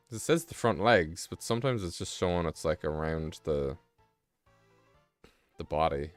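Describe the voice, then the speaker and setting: A low-voiced man hosts a casual live stream, reading passages aloud and wandering off into offhand asides. His voice sits close and dry on a desk mic. Quiet music plays faintly underneath. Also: lively intonation, unhurried, long pauses, no echo. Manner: rambling, reads text aloud with offhand asides. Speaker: livestream host.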